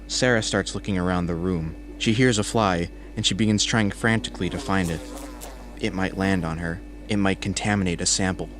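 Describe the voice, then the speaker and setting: Deep-voiced man narrating horror. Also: brisk, fairly bright tone, slight background noise.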